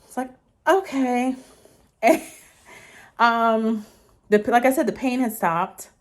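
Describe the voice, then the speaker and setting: A woman's voice: fairly high pitch, slow pace. A woman in her thirties telling a personal story in a casual, rambling way, full of fillers and restarts, and a little short of breath. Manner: chatty, rambling with many fillers and self-corrections. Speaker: vlogger.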